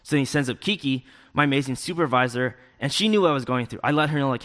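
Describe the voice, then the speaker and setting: A man's voice: mid-range voice, quick pace, few pauses, a bit bright. A young man giving a casual personal testimony as a church youth leader, acting out his own thoughts as he goes. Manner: casual and conversational, with many fillers and acted-out inner thoughts. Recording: long hall reverb.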